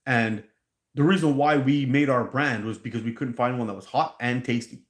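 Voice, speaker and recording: Guy running a casual live stream, rambles and laughs at his own stories, mid pitch, echoey room. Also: normal speed. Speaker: hot sauce maker hosting a live stream. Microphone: handheld mic pulled out.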